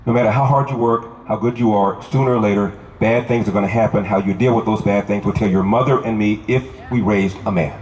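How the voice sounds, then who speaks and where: A man's voice: on the low side, fairly even intonation, fast, hardly any pauses, darkish tone. Guy from LA doing a campaign speech outside, punchy repeated lines, noisy crowd around. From Los Angeles. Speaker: political candidate. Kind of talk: outdoor campaign rally speech. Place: outdoors at a rally. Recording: echoey crowd recording. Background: crowd noise.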